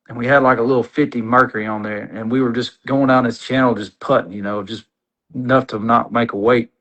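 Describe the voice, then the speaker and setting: A man, a podcast guest telling an animated, rambling, folksy story in casual conversation. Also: medium pitch, poor audio.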